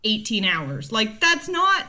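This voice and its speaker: A woman's voice: on the high side, sing-song, slow, bright, forceful tone. A woman co-hosting a podcast in casual chat, chatty and jokey, often acting out characters' lines. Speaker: podcast co-host. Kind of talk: casual chat about a TV series.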